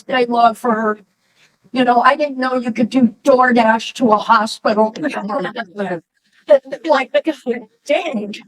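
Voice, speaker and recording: Slow, husky mother telling a memorial story. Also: fairly high pitch, rough recording. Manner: slow, halting, animated when quoting. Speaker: mother of the deceased. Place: memorial gathering.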